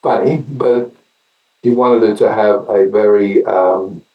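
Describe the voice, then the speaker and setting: An older Australian man, a guest actor, shares wry anecdotes in a casual interview, often halting and starting over. His voice sits on the low side with a steady tone, and the sound is roomy, phone-quality, with a distant mic.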